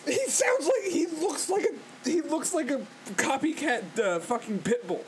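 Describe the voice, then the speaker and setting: A man's voice: extremely high pitch, animated, unhurried, over a noisy crowd, low-quality recording. A man co-hosting a podcast, reacting casually in a laid-back, profane way. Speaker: podcast co-host.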